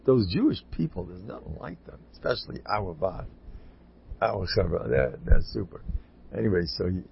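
An older man giving an informal, rambling Torah talk full of stories, repeating himself and breaking into loud, high-pitched exhortations. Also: big pitch swings, moderate pace, creaky, slight background noise. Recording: dull lo-fi recording.

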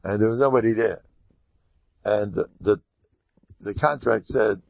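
A man telling a folksy parable with a moral, animated and sprinkled with Hebrew and Yiddish terms. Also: on the low side, a little slow, vocal fry, dry recording, muffled recording. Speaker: storyteller giving moral advice.

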